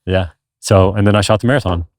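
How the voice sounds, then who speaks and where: A man's voice: on the low side, steady tone, fast talker, darkish tone, no echo, clean studio sound. A man in his thirties, a podcast guest, telling his story in an earnest, rambling conversational way. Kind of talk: casual conversation.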